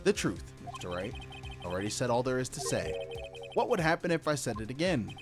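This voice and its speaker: A man's voice: medium pitch, big pitch swings, brisk, over music. A man reading as a smug, cool woman witness. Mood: cool, dismissive. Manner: reading game text aloud, dry and dismissive.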